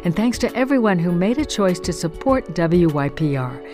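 A woman's voice: fairly low pitch, sing-song, moderate pace. A woman radio host reading a friendly scripted sign-off for her show. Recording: radio broadcast with faint music bed.

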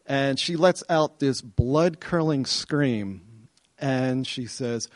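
A middle-aged man telling a personal story to an audience, animated and excited, often repeating himself as he goes. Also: medium pitch, takes it slowly, no echo. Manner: animated, excited retelling with self-interruptions and repeats.

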